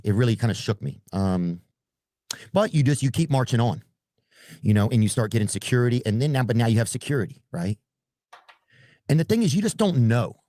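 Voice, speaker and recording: A man telling a casual, rambling story, halting and searching for words as he goes. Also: medium pitch, mellow, no echo, clean studio sound.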